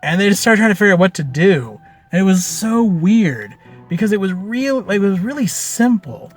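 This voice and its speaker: A high-pitched man recounts a tabletop game he ran as game master, telling it loosely and with animation, with plenty of fillers and casual swearing.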